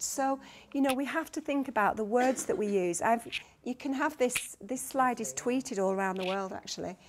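A woman's voice: fairly high pitch, a little hiss or hum. A middle-aged woman with a Lancashire accent, a consultant midwife giving a conference talk, telling stories earnestly and eagerly with frequent restarts. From Lancashire, England. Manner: earnest, lively storytelling with many restarts. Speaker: guest speaker, consultant midwife.

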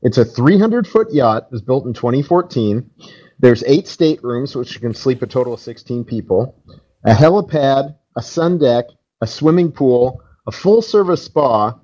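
A man co-hosting a sports fan podcast, talking in a relaxed, wry way with lots of ums and uhs. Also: mid-range voice, moderate pace, muffled recording. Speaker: podcast co-host. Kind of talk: casual chat.

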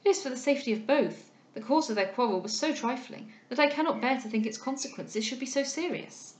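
A woman's voice: high-pitched, fairly quick, reverberant, voice pushed up, close to an everyday voice. A woman voicing an anxious, earnest young heiress in a novel reading, asking urgent, pleading questions.

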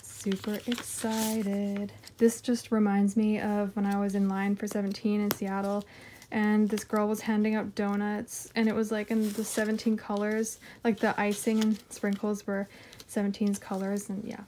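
Excitable woman with a mellow voice. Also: medium pitch, normal speed, slight background noise. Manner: gushing, excitable, chatty with frequent giggles. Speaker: vlogger unboxing a haul. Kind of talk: casual unboxing chat.

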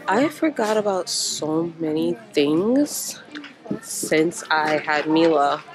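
A woman's voice: deep voice, lively intonation, slow pace, noisy background. A woman casually vlogging to her viewers while shopping in a large store, chatting and exclaiming often as she holds the camera. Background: background music.

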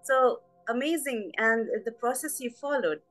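A woman's voice: a little high, measured pace, faint music behind. A woman host praising her guest and asking her for the next story. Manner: enthusiastic, praising. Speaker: interviewer host.

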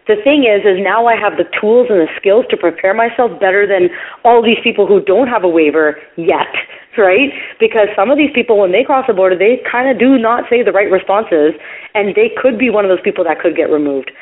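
A woman's voice: medium pitch, a little fast. Chatty woman on a tinny line. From Canada. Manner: chatty storyteller, acts out quoted people. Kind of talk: casual podcast chat. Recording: tinny phone-line audio.

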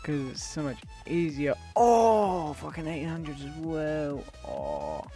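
A man's voice: a little high, big pitch swings, unhurried, a little mellow, soft background music. A young British man hosting gaming commentary. He is brash, swears a lot and trash-talks his online opponent. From Britain. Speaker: gaming YouTuber host.

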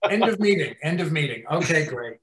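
A man, a TV writer-producer, telling profane, animated stories in an interview and acting out scenes. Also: on the high side, brisk, slight background noise. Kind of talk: anecdotal storytelling in an interview. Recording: roomy echo.

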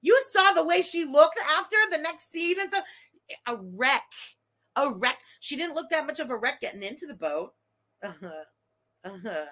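Casting: young adult woman, high, bright, swearing, animated livestream host. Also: normal speed. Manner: profane, animated, ranting. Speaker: livestream host reading super chats. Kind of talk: casual livestream chat.

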